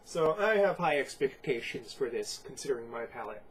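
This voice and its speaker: A man's voice: medium pitch, animated, a little hiss or hum, poor audio. Congested man rambling through a review. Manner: rambling, halting with many fillers. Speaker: beer reviewer. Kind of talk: casual home video review.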